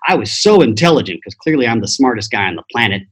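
A fast-talking middle-aged man with a medium-pitched, expressive, somewhat bright but husky voice, heard on a rough recording. As a podcast guest and transformation teacher, he tells motivational personal stories bluntly and profanely, doing voices for the people he quotes.

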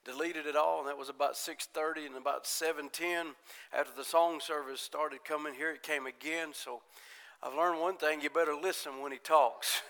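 A man preaching a sermon in church, retelling stories in quoted voices and building from quiet talk to loud, high-pitched preaching. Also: fairly even intonation, normal speed. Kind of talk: Pentecostal-style sermon.

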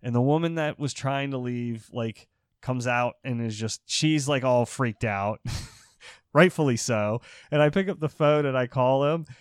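A man co-hosting a comedy podcast, telling a story in a casual, animated way, laughing and swearing as he goes. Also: medium pitch, measured pace, clear, resonant tone, dry recording, studio quality. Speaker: podcast co-host.

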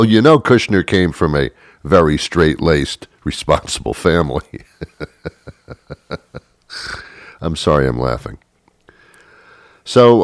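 A man's voice: deep voice, dry recording, clean studio sound. A man hosting a show, delivering a sarcastic political monologue and chuckling often as he mocks. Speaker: political commentary host.

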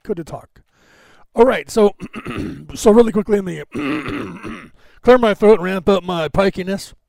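During a live podcast stream, this US host chats in a casual, rambling way marked by fillers and restarts. His high, expressive voice is a little slow, darkish, and has vocal fry, with no echo. A camera perched on a box does the recording.

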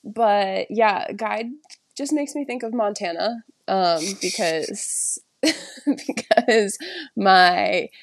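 A woman co-hosting a podcast in casual chat, reacting quickly and laughing easily. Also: medium pitch, no room sound, clean studio sound. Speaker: podcast co-host.

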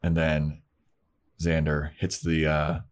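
A man's voice: extremely low pitch, completely flat delivery, slow pace. A man co-hosting a podcast, recapping a TV episode in loose, profane casual chat and acting out the dialogue. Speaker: podcast co-host.

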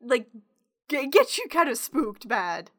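A woman's voice: high-pitched, very animated, slow pace, a bit bright. A young woman co-hosting a casual chat, giggly and chatty with lots of filler words.

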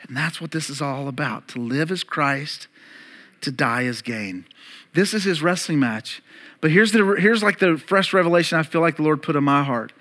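Emphatic preacher man, bright voice. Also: normal speed. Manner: emphatic, climbs louder and higher, then drops to soft and low; calls on the congregation to repeat words. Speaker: pastor. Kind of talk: sermon.

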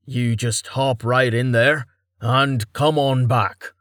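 A man's voice: mid-range voice, fairly even intonation, slow, fairly bright tone, no room sound, clean studio sound. A man doing a boisterous burly brawler. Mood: playful. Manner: boisterous, says "aye". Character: jovial burly man, goat handler.

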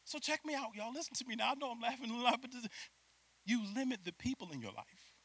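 A male preacher giving a lively sermon, acting out voices, laughing often and calling out to the crowd. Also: very high-pitched, quick pace, slightly rough.

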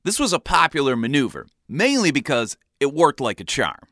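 A man telling a comic first-person story in a wry, animated way. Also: medium pitch, normal speed, no room sound, clean studio sound.

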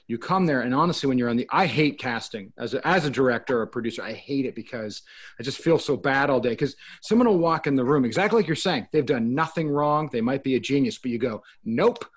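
A man co-hosting a casual talk show, speaking in an animated way and acting out the voices of people he quotes. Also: medium pitch, fast talker, breathy edge. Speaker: co-host.

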